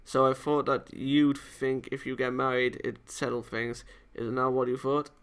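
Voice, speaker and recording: A man's voice: mid-range voice, little pitch movement, a little slow, fairly bright tone, clean tone. A man reading a visual novel aloud for a let's-play, narrating plainly and voicing the hero casually.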